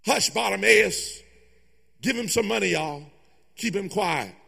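A man voicing annoyed bystanders who scold and hush a beggar dismissively. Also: sits high, lively intonation, measured pace, creaky, husky, in a large hall, full character voice.

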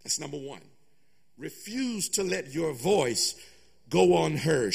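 A man's voice: a little high, expressive, slow, creaky, darkish tone, slightly rough, long reverb tail. A man pastor preaching a sermon, emphatic, repeating phrases and sometimes half-singing. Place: church sanctuary.

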